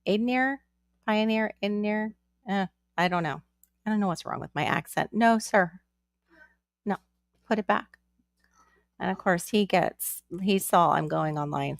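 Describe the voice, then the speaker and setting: A chatty woman hosts a casual live stream from home, rambling from one thing to the next and greeting her viewers one by one. Her voice has a gravelly, creaky edge, and the sound is close and dry with no room echo. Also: low voice, fairly even intonation, normal speed. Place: at home with her young son nearby.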